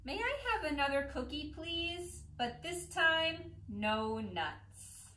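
A woman's voice: high-pitched, expressive, slow, pushed and bright, slight background noise, voice pushed up, full character voice. A woman doing a whiny, demanding pigeon. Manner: complaining, pleading. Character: whiny, demanding cartoon pigeon who always asks for things. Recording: echoey room.

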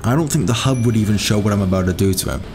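Excitable swearing gamer man. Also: lowish voice, very fast, a little hiss or hum. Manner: excitable, swearing, yelling at enemies. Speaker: gaming YouTuber. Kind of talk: live gameplay commentary.

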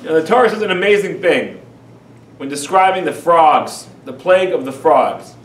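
Emphatic high-voiced rabbi lecturing. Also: male voice, moderate pace, slight background noise. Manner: animated, emphatic, rhetorical questions. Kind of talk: lecture on Jewish teachings. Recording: echoey room, far from mic.

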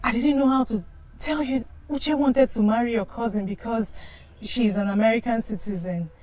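A woman's voice: fairly high pitch, moderate pace, darkish tone, close to an everyday voice. An actress with a Nigerian accent playing an anxious young woman apologising to the man she loves. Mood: pleading. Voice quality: pleading, apologetic. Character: young woman torn between two men, anxious. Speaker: girlfriend. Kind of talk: Nollywood film acting.

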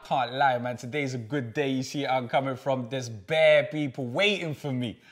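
A young man with a London accent playing a boastful barber in a comedy sketch, loud and full of slang. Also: mid-range voice, moderate pace, hardly any pauses. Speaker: barber shop owner.

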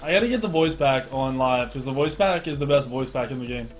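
A young man giving profane, excitable commentary on his own game match. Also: mid-range voice, fast, soft background music. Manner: cocky, profane, excitable trash talk. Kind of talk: casual gameplay commentary.

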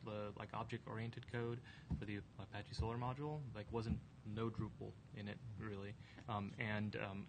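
A man's voice: fairly low pitch, background noise. A man on a conference panel, a developer answering with many fillers and restarts. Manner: halting, heavy fillers.

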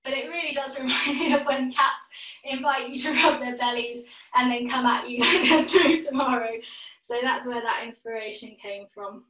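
A woman's voice: high-pitched, bright, forceful tone. A woman teaching a yoga class, calling out poses and giving friendly, encouraging instructions. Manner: encouraging, calls out poses in quick rounds. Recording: echoey room, voice from a distance.

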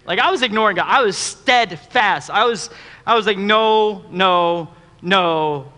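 A man preaching with a strikingly high, bright, forceful voice and a joking storyteller's delivery. His words ring out with a long reverb, as in a church hall. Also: animated, fairly quick. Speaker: pastor. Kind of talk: sermon.

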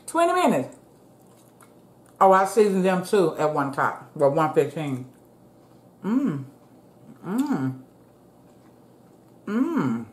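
A woman hosting a casual eating show from her home, chatting to viewers in a relaxed way and calling them "y'all". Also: fairly low pitch, slow, pauses often. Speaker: mukbang vlogger. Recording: roomy echo.

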